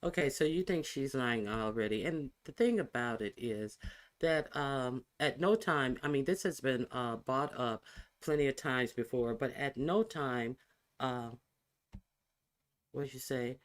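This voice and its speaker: Halting man reacting to a clip. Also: mid-range voice. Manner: halting, with many fillers and restarts. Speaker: commentary video host. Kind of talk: casual reaction commentary.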